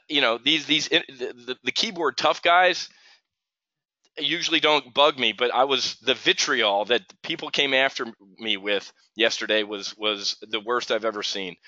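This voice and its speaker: A man's voice: mid-range voice, bright, forceful tone, no echo. A middle-aged man from New Jersey hosting a live options trading stream, ranting and replying to viewers in chat by name. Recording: dull lo-fi stream audio.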